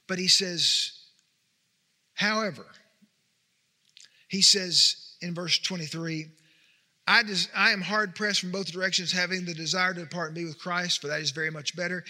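A man preaching a sermon as a pastor, telling stories in an animated way that builds to emphatic peaks. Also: sits high, moderate pace, long pauses, long reverb tail.

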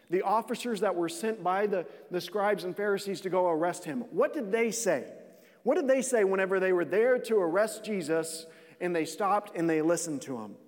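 A man's voice: high-pitched, darkish tone, big-room sound. A pastor preaching a sermon, earnest, repeating phrases and restarting lines as he builds his points.

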